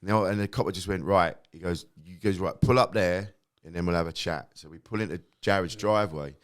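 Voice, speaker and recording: A middle-aged man, a guest comedian telling lively anecdotes and acting out quotes, swearing freely. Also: deep voice, fast talker.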